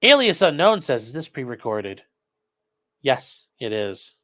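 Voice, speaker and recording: A man's voice: mid-range voice, big pitch swings, a little slow, pushed and bright. A man hosting a casual commentary stream, reading viewer messages aloud and answering them sarcastically. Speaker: host reading chat.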